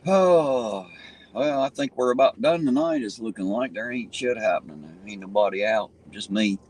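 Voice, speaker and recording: A man's voice: lowish voice, animated, moderate pace. A man with a southern Ohio hillbilly accent, chatting casually on a live stream while driving at night, folksy and easygoing with casual swearing. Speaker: livestream host. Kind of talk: casual live-stream chat, reading viewer comments. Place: in a car driving around town at night. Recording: distant mic with loud car noise. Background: car and road noise.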